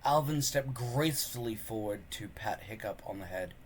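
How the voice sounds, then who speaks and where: A man reading a children's book aloud with expressive, unhurried storytelling. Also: on the low side, slight background noise. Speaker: reader.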